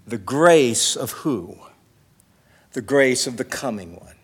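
A man's voice: medium pitch, animated, slow pace, breathy edge, long reverb tail. A man preaching a sermon in an earnest way, his voice swelling and dropping in volume.

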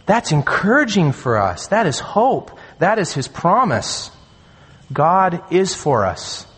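A man preaching a sermon as a pastor, earnest and emphatic, slowing down to stress key phrases. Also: high-pitched, very animated, fairly bright tone, husky. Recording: long hall reverb.

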